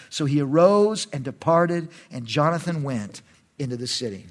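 A man's voice: a little high, animated, moderate pace. A man pastor reading scripture dramatically and teaching, with joking asides. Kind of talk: Bible study teaching.

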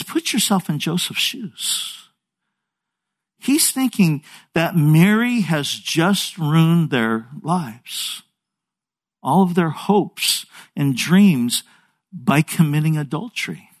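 A man preaching a sermon, telling the story in a lively way and acting out the characters' dialogue, with frequent stammered restarts. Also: high voice. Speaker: pastor.

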